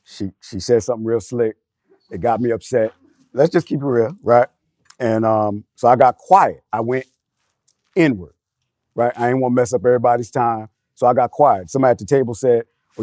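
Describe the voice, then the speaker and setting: A middle-aged man telling a candid personal story in casual podcast talk, animated and street-casual. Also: medium pitch, a little fast, dry recording, clean studio sound. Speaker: podcast panelist.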